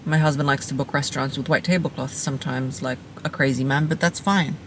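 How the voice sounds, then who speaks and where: A woman's voice: very deep voice, fairly even intonation, brisk, fairly bright tone, a little hiss or hum. A woman speaking as a relationship coach, giving direct-to-camera advice in an emphatic, playful and blunt way, repeating punchy phrases.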